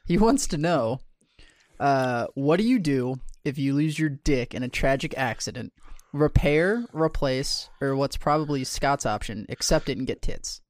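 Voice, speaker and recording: A man's voice: medium pitch, lively intonation, measured pace, no echo, studio quality. A man co-hosting a podcast who reads out a listener's question in a matter-of-fact way. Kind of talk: casual chat.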